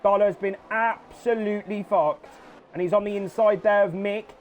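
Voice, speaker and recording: A young man commentating an online racing league, frantic and sweary, shouting when cars crash. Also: sits high, steady tone, moderate pace, a little hiss or hum. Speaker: race commentator. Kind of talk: excitable sim racing commentary.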